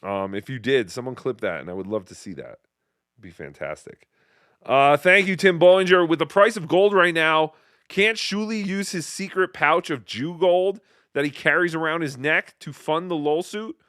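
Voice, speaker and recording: A man hosting a casual livestream, reading viewer messages and riffing with jokes and quick impressions. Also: a little high, expressive, fairly bright tone, dry recording, clean studio sound. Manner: riffing, jokey, slips into silly impressions. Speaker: show host.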